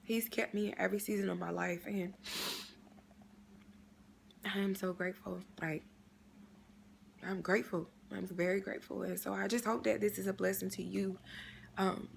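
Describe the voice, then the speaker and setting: A woman's voice: medium pitch, steady tone, moderate pace, pauses often, slight background noise. A woman giving an earnest, faith-based inspirational talk, repeating phrases for emphasis in a prayerful way. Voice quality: gravelly creaky voice. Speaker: inspirational vlogger.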